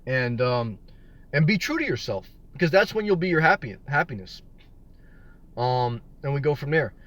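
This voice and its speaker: This vlogger answers live chat from his car in a parking lot, reading comments aloud and cracking jokes about his single life as he rambles. His mid-range voice is sing-song and a bit bright, moving at a moderate pace. It's a casual live-stream chat.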